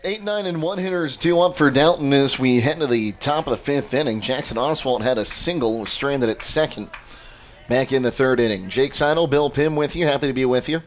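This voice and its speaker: A man doing live radio play-by-play of a high school baseball game, briskly calling each pitch and count. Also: slight background noise. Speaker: play-by-play announcer.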